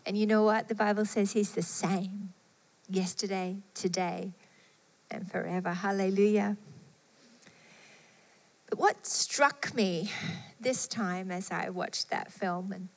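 A woman preaching a sermon with fervent delivery, rising to emphatic peaks and falling to hushed, soft phrases. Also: medium pitch, fairly even intonation, takes it slowly, long pauses. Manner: fervent, swelling and dropping to soft tones. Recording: long hall reverb.

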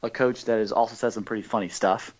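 Chatty man, dull lo-fi sound. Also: fast talker. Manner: animated storyteller, mimics people in a higher voice. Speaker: podcast co-host. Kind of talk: casual chat. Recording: dull lo-fi audio.

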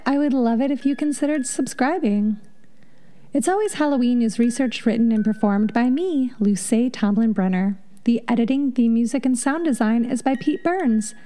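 Mellow-voiced woman storyteller, dramatic. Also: fairly high pitch. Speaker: podcast host. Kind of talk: scripted storytelling narration.

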